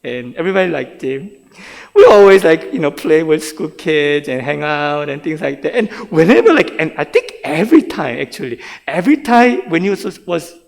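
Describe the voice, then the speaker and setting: A middle-aged pastor who grew up in Brooklyn, New York gives a sermon testimony about his own life, moving between English and Korean and laughing now and then. His voice is fairly high, very animated and creaky, at a moderate pace. The church sanctuary recording carries a long reverb.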